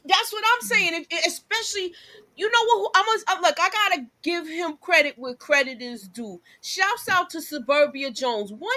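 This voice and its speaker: Woman host on a chat podcast, high voice, really bright and punchy, tells it animated. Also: normal speed. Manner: animated, storytelling, emphatic. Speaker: show host.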